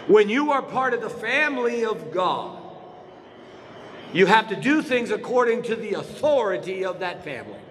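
A man's voice: high-pitched, very animated, moderate pace, fairly bright tone, a little hiss or hum. A male pastor preaching a sermon in a church, emphatic, firing rhetorical questions at his congregation. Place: church sanctuary. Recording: reverberant church hall.

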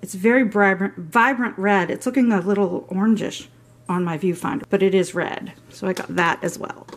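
A woman's voice: mid-range voice, steady tone, normal speed, a little hiss or hum. Middle-aged lady vlogging her haul, chatty, gushes over everything, rambles a bit. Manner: chatty and gushing, rambling asides. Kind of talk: casual show-and-tell vlog.

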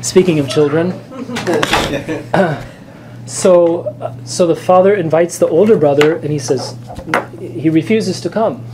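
A man, a priest teaching a catechism class, explaining gently and earnestly with fillers and restarts. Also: a little high, takes it slowly, long pauses, noisy background. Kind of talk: catechism lecture. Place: church classroom.

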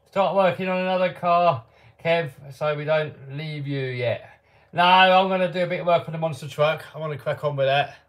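A man with a voice on the higher side runs a relaxed live Q&A from his home workshop. He reads viewer questions aloud and answers offhand, now and then chuckling to himself. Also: moderate pace. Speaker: channel host answering live chat. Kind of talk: casual live-stream Q&A.

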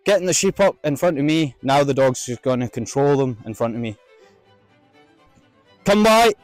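A man training a sheepdog outdoors, explaining each step and calling out drawn-out commands to his dog between explanations. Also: medium pitch, expressive, a little mellow, no room sound, faint music behind. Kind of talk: outdoor instructional demonstration.

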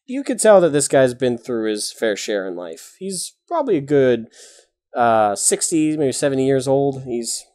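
Animated man running a tabletop game. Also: medium pitch, normal speed. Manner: casual, rambling with many fillers. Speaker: game master.

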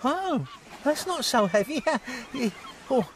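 A goofy, clumsy cartoon farmer dude. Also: male voice, very high-pitched, big pitch swings, takes it slowly, a little hiss or hum, full character voice. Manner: laughs a lot, stammers when flustered. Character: clumsy cheerful male apple farmer, surfer-dude talker. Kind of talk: cartoon voice acting. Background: loud background music.

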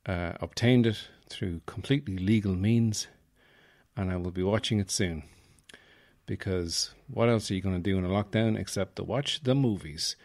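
A man's voice: low-pitched, normal speed, a little mellow, slight background noise. A man hosting a podcast in rambling, jokey casual chat. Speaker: podcast host.

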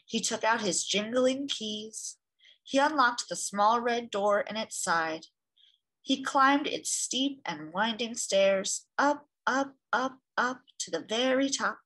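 A woman hosting storytime, reading a picture book aloud to children in an expressive, gentle way. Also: on the high side. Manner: gentle, expressive reading with lively voices for sounds.

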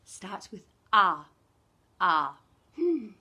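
A woman's voice: mid-range voice, very animated, drawn-out words, sharp tone, breathy edge. A woman leading a sing-song early years lesson, gasping and dropping to whispers for suspense before clapping out syllables with the children.

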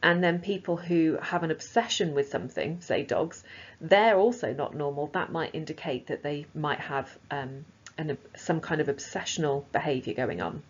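A woman's voice: deep voice, normal speed, husky. A woman teacher explaining a lesson in a casual, chatty way, with frequent fillers. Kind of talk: recorded lesson. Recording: slightly dull lo-fi sound.

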